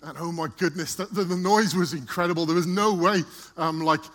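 A man tells a story from the front of a church, chatting easily and stumbling over repeated words as he goes. His voice sits a little high and rings bright and forceful. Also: a little fast. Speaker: church speaker. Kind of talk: storytelling sermon.

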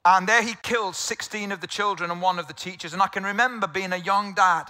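Earnest middle-aged British-born pastor preaching. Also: male voice, sits high, steady tone, fast talker, pushed and bright, in a large hall. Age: 50s. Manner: earnest, repeats words when stirred. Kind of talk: sermon.

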